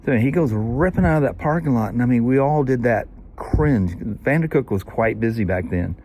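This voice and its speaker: A man's voice: medium pitch, lively intonation, normal speed, mellow, slight background noise. A man in his sixties with a Southern US accent, telling a long, rambling story in casual vlog chat, full of "you know" and "anyway". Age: 60s. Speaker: vlogger.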